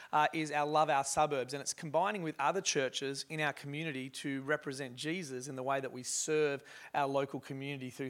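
A pastor speaking from the pulpit, earnest and halting, filling pauses with uhs as he introduces a guest. His voice is a bit high for a man. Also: a bit bright. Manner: earnest, repeats words, filler uhs. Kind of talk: church announcements from the pulpit.

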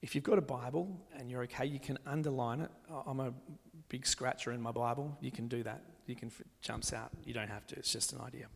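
Male preacher, gravelly tone, gentle and unhurried, recorded in a long-echo church hall. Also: mid-range voice, steady tone. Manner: gentle, slows down to read scripture aloud. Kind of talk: sermon.

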